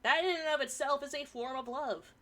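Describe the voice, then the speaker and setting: A woman streamer with a high-pitched, pushed, bright voice reads a forum story aloud at a brisk pace and chats about it. She swears casually, and pollen has irritated her throat a bit.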